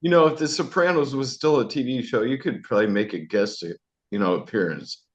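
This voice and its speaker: A man's voice: medium pitch, brisk, lo-fi sound. A man hosting a casual interview, joking and teasing the guest. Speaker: host. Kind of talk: casual chat.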